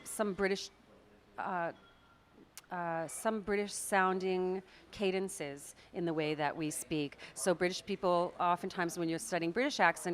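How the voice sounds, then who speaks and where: A woman's voice: lowish voice, fairly even intonation, measured pace. A woman with a Canadian accent, an actress and accent coach, explaining and demonstrating pronunciation in an interview. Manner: explanatory, demonstrates words aloud, laughs often. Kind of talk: interview answers.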